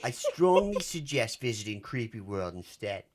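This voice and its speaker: A man's voice: medium pitch, big pitch swings, normal speed, a little mellow. A sour male reviewer with a broad New York accent shrugs off a haunted house, played by a man. His vowels stretch long and his tone stays dismissive. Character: grumpy unimpressed male reviewer.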